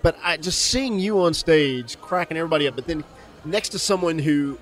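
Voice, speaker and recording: A man hosting a podcast, slightly higher-pitched than most, telling a story in a casual, animated way. He laughs often and restarts his sentences as he goes. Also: a little fast, soft background music. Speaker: podcast host. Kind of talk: casual conversation.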